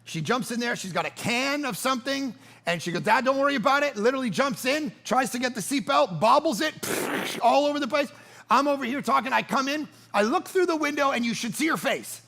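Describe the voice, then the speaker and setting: High, gravelly-voiced preacher. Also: male voice, fairly quick. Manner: storytelling, animated and jokey. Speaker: pastor. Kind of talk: sermon.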